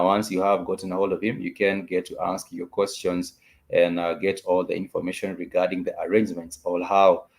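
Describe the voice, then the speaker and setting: A man teaching a spoken language lesson, saying each word and phrase several times over with drawn-out fillers. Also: deep voice. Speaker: Swahili teacher.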